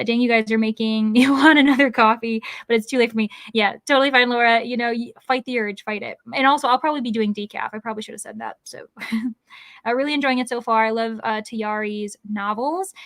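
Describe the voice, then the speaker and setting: Woman host on a reading livestream, kinda high voice, says "like" constantly, dry mic. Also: fairly bright tone, no room sound. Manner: chatty, many "like"s and laughs. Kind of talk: casual livestream chat, reading comments aloud.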